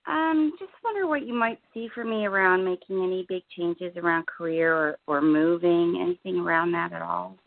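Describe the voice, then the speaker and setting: A woman from New Jersey calling in to a radio show, soft-spoken, with short answers. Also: fairly low pitch, moderate pace, gravelly, few pauses, no echo. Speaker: caller. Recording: tinny phone line, distant.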